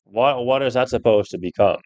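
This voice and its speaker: A young man commenting while he plays a puzzle game, thinking out loud, swearing often and getting loudly frustrated. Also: medium pitch, fairly quick, muffled recording. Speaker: gameplay streamer.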